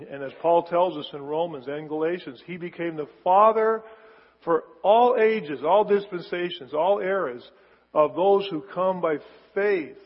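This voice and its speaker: A man preaching a sermon as pastor, emphatic, repeating words for stress. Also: fairly high pitch. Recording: muffled sound in a large reverberant hall.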